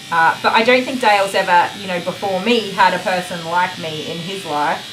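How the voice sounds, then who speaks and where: Australian woman groomer, rambling casual chat, low-ish voice, roomy echo. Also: noisy background. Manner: chatty, rambling, laughs often. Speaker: dog groomer streaming live. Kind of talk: casual chat while working. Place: grooming salon. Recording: echoey room with loud clipper buzz.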